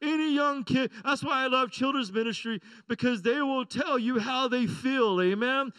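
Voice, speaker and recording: A middle-aged man preaches with a high, bright voice. His delivery is conversational and playful, full of quick asides to the congregation. The sound is dry and close. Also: clear, resonant tone, dry recording, rough recording. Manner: conversational, joking, asks the congregation "right?" and "amen?". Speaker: pastor. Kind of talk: sermon.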